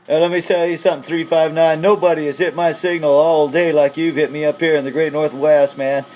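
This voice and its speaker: A man's voice: a little high, flat delivery, a little fast, noisy background. A man from the Pacific Northwest chatting on CB radio, upbeat and hyping up the other station. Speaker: CB radio operator. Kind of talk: casual radio chat.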